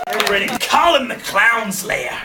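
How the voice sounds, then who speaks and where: Excitable young man narrating a party game. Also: high-pitched, moderate pace, over loud music. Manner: excitable, laughing while narrating, bursts of shouting. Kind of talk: improvised comedic storytelling. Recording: home video, loud group in room. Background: group laughter.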